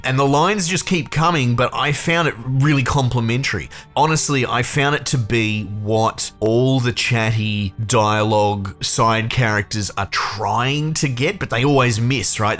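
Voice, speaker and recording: A man's voice: fairly low pitch, fairly bright tone. A man giving a casual, enthusiastic game review, chatty with lots of fillers and restarts.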